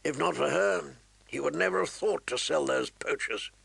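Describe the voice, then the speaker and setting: Old commander, gruff and growly, gravelly and bright, man reading it. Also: fairly high pitch, moderate pace, no room sound, heavily acted.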